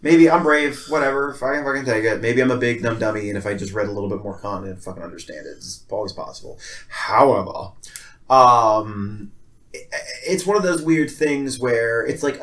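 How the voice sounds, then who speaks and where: A man co-hosting a casual philosophy podcast, talking in an animated way, swearing often and acting out little scenes. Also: mid-range voice, brisk. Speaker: podcast co-host.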